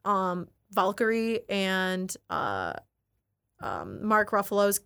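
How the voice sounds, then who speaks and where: A woman's voice: medium pitch, very animated, slow pace, vocal fry, fairly bright tone, clean tone. A young adult woman chatting casually as a podcast co-host, peppering her talk with "like" and retelling scenes with animation. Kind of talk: casual chat.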